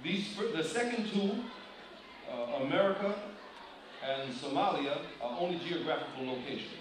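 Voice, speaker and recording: A man with a high voice delivers an animated sermon, often putting questions to his listeners. He sounds far from the mic in a very echoey hall, with clear room noise behind him. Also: moderate pace. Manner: animated, addresses audience directly with questions. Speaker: preacher. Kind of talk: sermon to a congregation. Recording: distant mic, loud room ambience.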